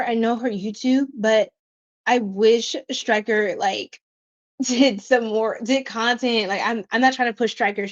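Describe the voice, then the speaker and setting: A woman hosting a tarot livestream, chatting casually and bubbly with her viewers, reading their comments aloud, laughing often and using slangy asides. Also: medium pitch. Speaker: tarot reader livestream host. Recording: dull lo-fi stream audio.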